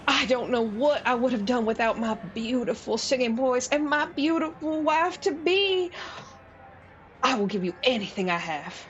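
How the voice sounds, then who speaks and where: A woman's voice: on the high side, expressive, normal speed, lo-fi sound, slight background noise, lightly acted. A woman voicing a grateful, lovestruck male carnival singer who speaks earnestly and effusively. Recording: background music.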